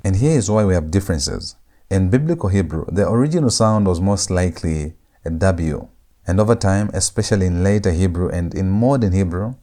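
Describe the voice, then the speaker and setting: A man teaching a language lesson, saying each letter sound over and over in a drawn-out, patient way. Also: low-pitched, darkish tone. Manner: repeats each sound several times, drawn out. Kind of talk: slow lecture on letter pronunciation.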